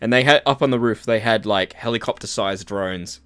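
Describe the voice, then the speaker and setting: A man hosting a podcast, telling crude, jokey stories in a lively way. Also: lowish voice, fairly quick, clear, resonant tone. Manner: animated, jokey, crude storyteller. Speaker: podcast host. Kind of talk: casual podcast chat.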